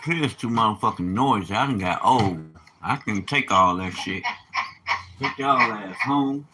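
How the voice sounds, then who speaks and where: A man preaching and ranting informally, animated and profane, with sudden bursts of shouting. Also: on the low side, unhurried, reverberant. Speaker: religious teacher. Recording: noisy ambient background.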